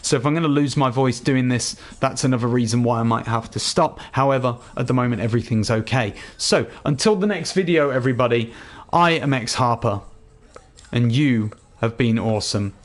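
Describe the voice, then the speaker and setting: An English man talking straight to his viewers in a relaxed, rambling way. His voice sits at an ordinary middle pitch, and he comes across as earnest and chatty as he runs through plans and thanks. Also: a little fast. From England. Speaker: gaming YouTuber. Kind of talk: casual outro to viewers.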